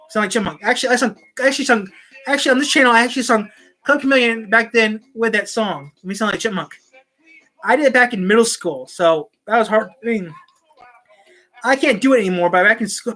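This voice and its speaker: This channel host's voice is on the high side, fast and a little bright. She rambles casually to camera from home through a desk microphone, restarting sentences again and again.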